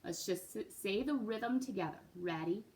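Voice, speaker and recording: A woman's voice: mid-range voice, moderate pace, a little mellow. A woman teaching a beginner recorder lesson, patient and encouraging, often checking in with "right?" and "okay?". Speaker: music teacher.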